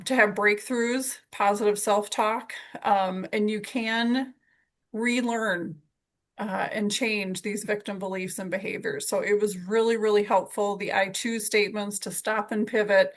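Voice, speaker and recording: A woman leading a weekly sales team call, upbeat and encouraging as she recaps a coaching session. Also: medium pitch. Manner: enthusiastic, encouraging.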